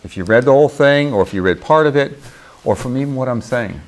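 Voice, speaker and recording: A man's voice: medium pitch, lively intonation, fast. Man lecturing with rambling check-ins. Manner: rambling, frequent restarts and "okay?" check-ins. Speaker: creative writing professor. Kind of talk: classroom seminar lecture. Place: university classroom.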